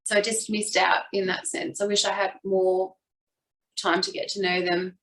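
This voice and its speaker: A woman's voice: medium pitch, flat delivery, a crowd in the background. Twenties woman from australia telling her story, open and thoughtful, sounds roomy and a bit off mic. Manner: open, reflective, with quick bursts when retelling. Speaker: guest. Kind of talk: candid personal storytelling. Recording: echoey room, voice a bit far from the mic.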